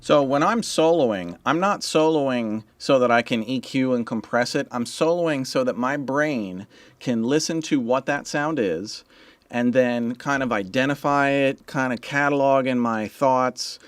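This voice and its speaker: A man's voice: mid-range voice, a little slow, no echo. A man hosting a livestream as a mixing engineer, talking in a loose, chatty way with slang and the odd swear word. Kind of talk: casual livestream teaching.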